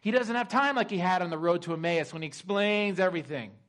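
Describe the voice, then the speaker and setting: A man preaching a sermon, retelling a scripture story dramatically and shifting between loud emphasis and hushed asides. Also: sits high, fast talker. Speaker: pastor.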